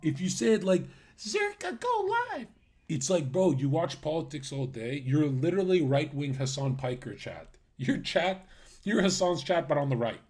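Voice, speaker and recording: A young man ranting crudely on a livestream, mocking his viewers and swinging between loud outbursts and muttered asides. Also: fairly high pitch, lively intonation, normal speed.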